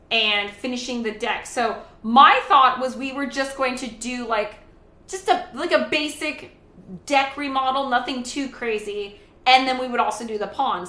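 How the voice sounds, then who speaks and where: A woman's voice: on the high side, pushed and bright, echoey room. A woman hosting a casual charity live stream from her home kitchen. She chats while cooking, rambles, and greets viewers and reads their chat aloud.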